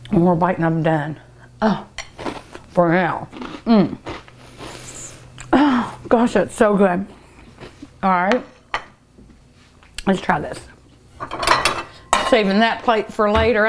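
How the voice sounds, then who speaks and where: Slow, gushing woman tasting food. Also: medium pitch. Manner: savoring and gushing, with many drawn-out hums of delight. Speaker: cooking show host. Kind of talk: tasting food on a cooking show.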